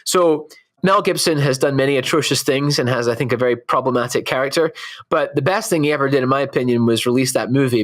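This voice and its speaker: A man's voice: mid-range voice, fairly bright tone. A man in his thirties, raised in Scotland but speaking with an American accent, talking in an earnest, reflective interview way and laughing easily. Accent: American, Texan-leaning with faint Scottish traces. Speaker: oncologist guest. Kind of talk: conversational interview.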